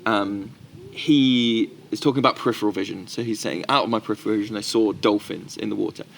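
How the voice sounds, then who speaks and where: A man's voice: lowish voice, fast, creaky, slight background noise. Man telling stories animatedly. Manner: animated storytelling, voices quoted people. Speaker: podcast co-host. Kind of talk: casual chat.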